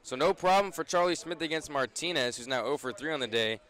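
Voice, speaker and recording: A young man doing brisk radio play-by-play of a baseball game, his voice rising on big plays. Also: fairly high pitch, expressive, a bit bright. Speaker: play-by-play announcer.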